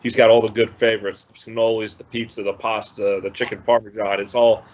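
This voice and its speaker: A man's voice: fairly low pitch, a little fast, slight background noise. A man from New Jersey, a podcast guest chatting easily with plenty of fillers. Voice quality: easygoing, relaxed talk with frequent fillers. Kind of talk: casual podcast chat. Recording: dull lo-fi audio.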